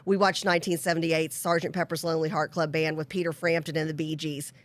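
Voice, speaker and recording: A woman's voice: sits low, fast talker. A woman, hosting a casual talk show and telling stories with lots of laughter. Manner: chatty, laughing often, animated storytelling. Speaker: show host. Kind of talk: casual chat.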